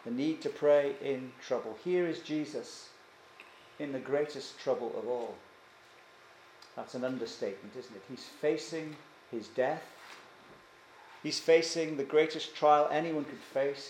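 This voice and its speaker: A man's voice: medium pitch, unhurried, a little mellow, a little hiss or hum. A man preaching a sermon earnestly, often asking his listeners questions. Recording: echoey church room, faint ambience.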